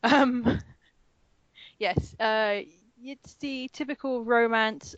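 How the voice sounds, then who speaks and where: A woman's voice: fairly high pitch, very slow, fairly bright tone, no echo, dull audio. A woman co-hosting a casual anime podcast, summing up a show with sarcastic asides and frequent laughs. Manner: sarcastic, giggly, tangents. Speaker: podcast co-host. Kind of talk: casual chat, anime review.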